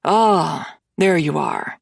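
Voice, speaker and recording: A woman voicing a young male mafia boss who speaks smoothly and curtly, with stern coldness. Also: low voice, expressive, drawn-out words, no echo, studio quality, full character voice.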